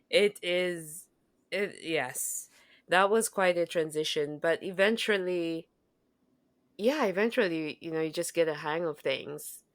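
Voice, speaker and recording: Low-pitched woman telling stories animatedly. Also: no echo, studio quality. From Kenya or Zambia. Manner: animated storytelling, acts out quoted exchanges. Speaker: podcast co-host. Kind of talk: casual chat.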